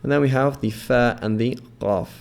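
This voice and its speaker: At a medium pitch, a man whose voice carries a gravelly, creaky edge gives an instructional walkthrough of pronunciation. Like a patient teacher, he repeats model sounds slowly, stretches them out, and regularly confirms the listener is with him.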